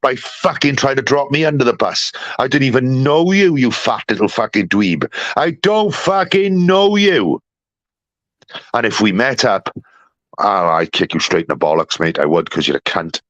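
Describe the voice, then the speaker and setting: A man's voice: moderate pace, no echo. Furious swearing man ranting. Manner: profane, heated, swinging from loud outbursts to low mutters. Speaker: streamer ranting to a live community. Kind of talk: angry live-stream rant.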